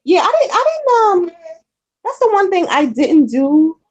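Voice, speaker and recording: Her voice is extremely high with big pitch swings and a darkish tone, at a moderate pace, and the recording's highs are cut off. As a vlogger answering viewer comments, she chats candidly and casually, swearing often and rambling with many fillers and repeats.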